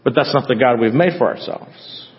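A man preaching a sermon as a pastor, conversational at first and then building to loud, passionate emphasis. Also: mid-range voice, normal speed. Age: adult parent. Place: church sanctuary. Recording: dull sound with long hall reverb.

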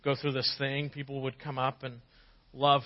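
A man in his forties preaching a sermon as a pastor, telling personal stories and acting out quotes with lively shifts. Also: medium pitch, normal speed, dull audio. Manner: storytelling with lively acted quotes.

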